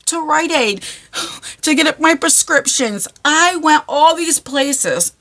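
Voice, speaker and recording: Bright, animated woman telling a story. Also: slow pace. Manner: animated, laughing, breaks into high squeals. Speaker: vlogger. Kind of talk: casual storytime chat. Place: parked car.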